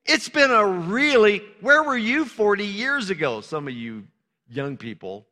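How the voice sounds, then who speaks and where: An older male pastor preaches a sermon in a high, bright voice that swoops up and down with great energy. He takes his time, drops in frequent "Amen" calls and jokes at his own expense, and his words ring out in the long reverb of a large hall. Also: very animated, a little slow. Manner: conversational preaching, frequent "Amen" calls, self-deprecating asides.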